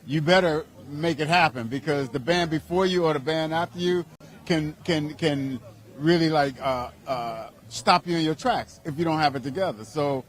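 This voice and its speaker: A man from Cincinnati, Ohio, a music producer, being interviewed outdoors at an event and speaking in an animated, emphatic way. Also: fairly high pitch, normal speed. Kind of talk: casual interview.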